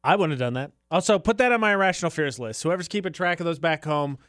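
A man co-hosting a radio show, chatting casually and telling animated, joking stories. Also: fairly high pitch, quick pace, dry recording, clean studio sound. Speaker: radio co-host.

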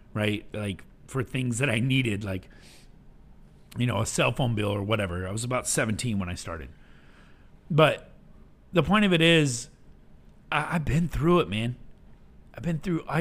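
A man's voice: a little high, a bit bright. Earnest young man, motivational podcast talk. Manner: earnest, emotional, addresses listeners as y'all. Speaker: podcast host. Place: on vacation on a tropical island.

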